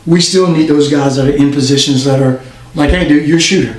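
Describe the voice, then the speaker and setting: A man hosting a podcast, talking bluntly and emphatically and chiming in often. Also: fairly high pitch. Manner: blunt, emphatic, quick to chime in. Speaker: podcast host. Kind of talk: casual interview chat. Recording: echoey room.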